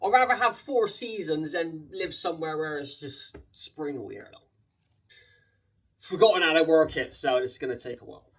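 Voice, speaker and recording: A man with a strong Bristolian accent talks loosely and casually to his viewers while cooking in his flat, calling them mate and swearing freely. His voice sits a little high for a man. He is picked up on a small clip-on mic. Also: normal speed, breathy edge. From England. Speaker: vlogger. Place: home kitchen in a flat. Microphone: small wireless clip mic.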